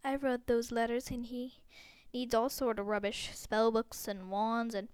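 A woman's voice: a little high, little pitch movement, unhurried, darkish tone, clear, resonant tone, no room sound, clean studio sound, natural voice. A woman reading an audiobook, voicing a blustering, bullying middle-aged man who speaks with scorn. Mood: scornful. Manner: scornful, snapping.

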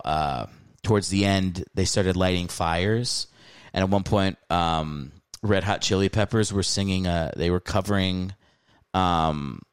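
A man's voice: low voice, clear, resonant tone. A man in his thirties hosting a podcast, chatting casually with his brother, laughing often and swearing as he tells stories. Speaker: podcast host, comedian. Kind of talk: casual chat.

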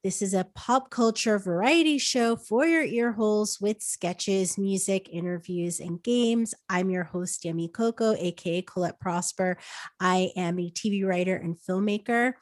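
A woman's voice: medium pitch, a little slow, dry recording. A woman hosting a pop culture podcast, chatting casually with lots of "um" and "like". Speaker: podcast host. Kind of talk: casual chat.

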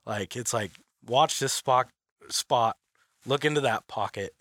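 A man's voice: mid-range voice, unhurried, fairly bright tone, no echo, studio quality. A man chatting casually about hunting, rambling with lots of fillers and frequent laughter. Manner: rambling, heavy use of "like", laughs often. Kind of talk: casual chat.

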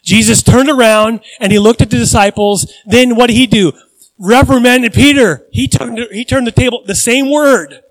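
A male pastor with a high voice delivers a sermon. He preaches in a lively, conversational way, mixing jokes with questions to the congregation. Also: moderate pace, no echo, rough recording.

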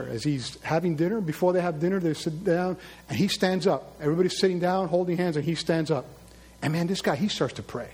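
A man's voice: sits high, normal speed, breathy edge. A man preaching a sermon, telling a long joke story to his congregation and acting out the characters as he goes. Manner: storytelling, acts out characters, asks the congregation questions.

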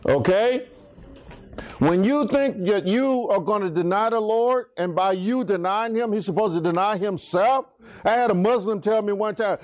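A middle-aged man preaches as a pastor, teaching from the Bible in call-and-response style and letting the congregation finish his lines. His voice has a darkish tone at a normal speed, and his preachy delivery swings in pitch.

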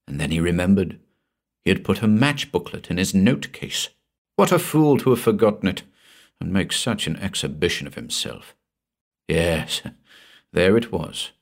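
Expressive male horror narrator. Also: on the low side, creaky. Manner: tense, expressive storytelling. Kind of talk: dramatic audiobook narration.

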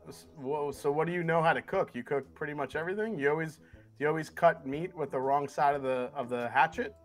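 A man's voice: fairly high pitch, a little fast, faint music behind. A man joking around as a player in a tabletop game. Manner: joking, playful. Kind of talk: casual tabletop play.

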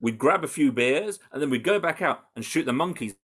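A British man answering interview questions in an animated, conversational way, with frequent restarts and fillers. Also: mid-range voice, a little fast, breathy edge. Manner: animated, full of restarts and "you know". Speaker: campaigner interviewed about undercover research.

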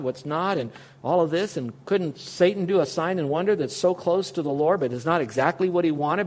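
A man delivers a sermon in a fairly high voice. He is earnest and direct, turning to his listeners with question after question. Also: darkish tone. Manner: earnest, speaks straight to listeners with rhetorical questions. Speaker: pastor.

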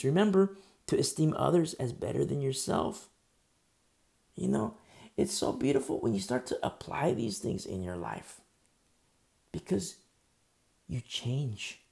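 A man's voice: medium pitch, big pitch swings, a little slow, creaky, long pauses, dark tone. A man preaching a conversational sermon, emphatic and full of rhetorical questions.

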